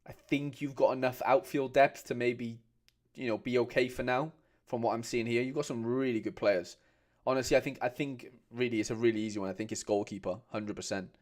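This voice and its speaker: A man's voice: medium pitch, steady tone, brisk, a little mellow. A man hosting a casual livestream, chatting with viewers and calling them mate. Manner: chatty, reads out viewer comments, calls people mate. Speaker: host.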